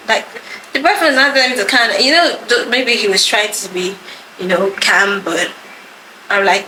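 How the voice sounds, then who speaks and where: Animated woman telling a story. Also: a little high, normal speed. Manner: animated storytelling, acts out quoted voices. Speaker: podcast co-host telling a story. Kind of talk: casual story time chat. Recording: echoey room with background noise.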